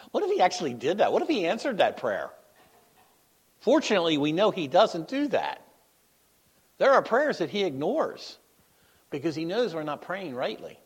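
A middle-aged man giving a sermon in a conversational, anecdotal way, laughing at his own stories and swinging between emphatic bursts and quiet asides. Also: high-pitched, wildly swooping pitch, normal speed, pauses often, slightly rough. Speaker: guest preacher.

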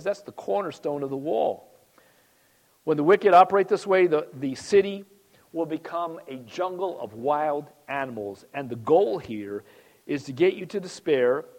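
High-voiced man preaching a lively sermon. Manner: animated, talks to the congregation, rises and drops sharply. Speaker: pastor.

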